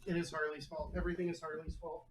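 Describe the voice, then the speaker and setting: A man's voice: fairly high pitch, level tone, fast talker. A man hosting a live tabletop game stream as game master, chatty and joking. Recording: faint background noise.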